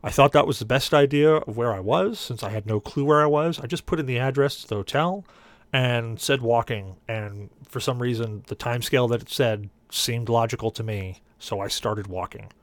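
At a normal pace and medium pitch, a man on a podcast panel tells a long comic story with animation, acting out the different voices. The recording has no echo.

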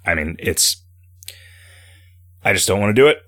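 A man's voice: sits low, lively intonation, normal speed, fairly bright tone, dry recording, clean studio sound. A man hosting a casual podcast, rambling as he reads listener questions aloud and talks through ideas. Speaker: podcast host and game developer.

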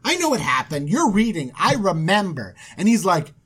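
A woman co-hosting a casual chat, retelling a Bible story in an animated, joking way and acting out the quotes. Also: on the low side, normal speed, breathy edge. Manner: animated and joking, acts out quotes, laughs often. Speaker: podcast co-host.

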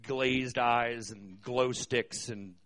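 A man's voice: mid-range voice, fairly even intonation, drawn-out words, fairly bright tone. A man, a concert venue manager, telling a live stage story in a wry, profane way, hesitating often with fillers.

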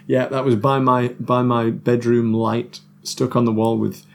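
Man, gravelly edge, chatty podcast guest, faint background noise. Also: mid-range voice, little pitch movement, unhurried. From North East England. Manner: chatty, self-deprecating, lots of restarts and laughs. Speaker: guest musician. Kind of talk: casual podcast chat.

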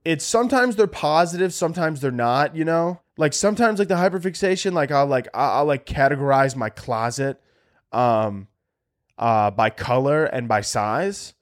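A young man hosting a comedy podcast, ranting in a sarcastic, profane way, his voice jumping high when he gets worked up. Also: animated, normal speed. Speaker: podcast host.

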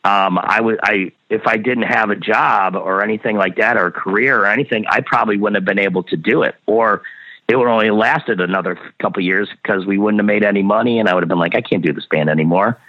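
Low-ish bright voice, guy in his 50s, blunt and cursing, muffled dry lo-fi sound. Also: steady tone, fast talker, no room sound. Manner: blunt, swears freely, repeats words. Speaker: guest musician. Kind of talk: casual interview chat.

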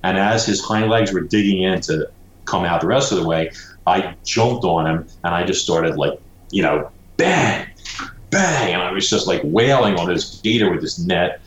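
Deep-voiced man telling a lively story. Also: normal speed, roomy sound, low-quality recording. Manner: animated storyteller, heavy use of "you know". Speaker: author guest. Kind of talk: storytelling in a conversational interview.

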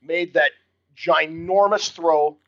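A man's voice: a little high, fairly even intonation, slow. An older man co-hosting a casual sports talk show, jovial and chatty, often repeating his first words as he starts a thought. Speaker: podcast co-host. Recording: dull lo-fi audio.

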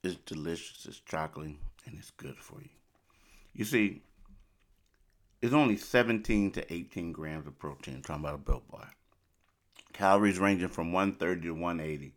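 A man with a very low voice talks casually on a podcast. He is animated and emphatic, often repeating phrases. He slides loosely between chat and sponsor reads. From Philadelphia. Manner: animated, repetitive, emphatic asides. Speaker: podcast host.

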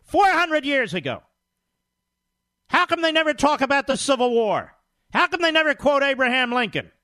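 A talk radio host, a man, delivers indignant, scornful commentary. His voice sits very high, with a sharp, bright edge and lively swings of pitch. He speaks in quick, combative bursts. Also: no room sound, studio quality. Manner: indignant, scornful, rapid-fire.

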